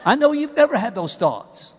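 A middle-aged man preaching a humorous, animated sermon in a large church auditorium. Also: extremely high pitch, normal speed, slightly rough, big-room sound. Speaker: pastor.

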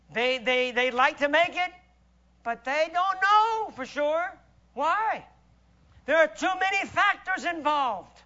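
A man preaching a sermon in a church, emphatic and rhetorical, swinging between loud declarations and hushed asides. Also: very high voice, lo-fi sound.

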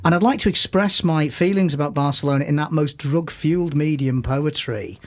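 A man with a voice that sits a little high for a male speaker holds forth in a sardonic, rambling manner on a comic radio slot. He circles back on his words before landing a dry punchline or sliding into a recited verse. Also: normal speed. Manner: wry, sardonic, rambling with restarts. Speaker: regular comic contributor.

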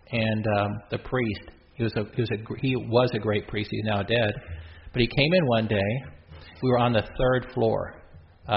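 A man's voice: on the low side, vocal fry. A middle-aged man, a Catholic priest, giving a conversational sermon in a church, often breaking off for joking asides. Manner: chatty, self-interrupting, with joking asides. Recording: muffled lo-fi with faint hiss.

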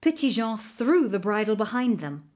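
A woman reading a fairy tale aloud in an expressive, dramatic storyteller manner. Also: fairly high pitch, normal speed.

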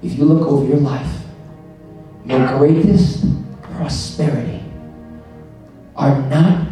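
A man preaching a sermon, acting out dialogues and swinging from hushed asides to shouts. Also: on the high side, slow, very echoey, recorded from a distance, soft background music, poor audio. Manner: dramatic, acts out dialogues, swings from soft to shouting.

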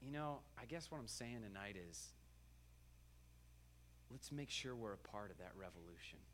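A man preaching a sermon, telling a parable with animated storytelling and leading a prayer. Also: on the low side, moderate pace, slight background noise. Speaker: pastor.

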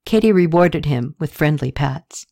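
A woman narrating an audiobook story in a steady scripted reading, lifting her pitch slightly for characters' lines. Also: a little slow, vocal fry.

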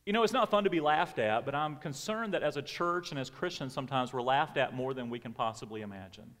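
A middle-aged man preaching a sermon as a pastor, telling a personal story in an animated way and acting out family members. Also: mid-range voice, fast talker. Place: church sanctuary. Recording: long reverb of a church hall.

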